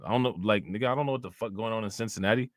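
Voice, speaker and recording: A man's voice: fairly low pitch, racing, dry recording, clean studio sound. A man from Northeast Ohio with a Northeast Ohio accent, hosting a casual livestream and rambling in loose, profane slang while answering viewers. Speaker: livestream host.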